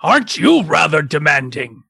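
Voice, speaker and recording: A man's voice: a little high, big pitch swings, normal speed, vocal fry, bright, forceful tone, husky. A man at a tabletop role-playing game, speaking in a wry, teasing, mentor-like way.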